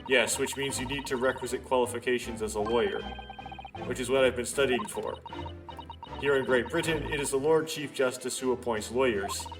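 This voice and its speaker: A man voicing a composed young female assistant who explains things calmly and plainly, over game music. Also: medium pitch, lightly acted. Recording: game music playing underneath.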